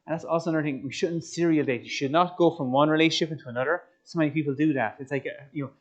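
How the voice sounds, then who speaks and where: An Irishman tells a personal story to an audience in a lively way, asking them questions as he goes. His voice sits fairly high for a man. The recording sounds a little muffled. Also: rapid-fire. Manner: animated storyteller, addresses audience directly. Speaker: speaker. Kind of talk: personal testimony talk.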